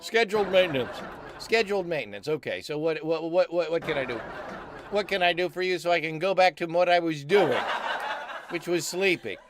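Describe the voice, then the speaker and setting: A man's voice: fairly high pitch, lively intonation, fairly quick, background noise, natural voice. A man playing a sleepy, pompous mustached character who rambles and keeps apologizing in a live comedy bit.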